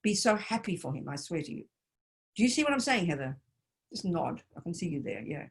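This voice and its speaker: A woman's voice: fairly low pitch, very animated, fairly quick, creaky. A woman Buddhist nun giving an online teaching talk over a video call, emphatic and direct, speaking personally to her listeners.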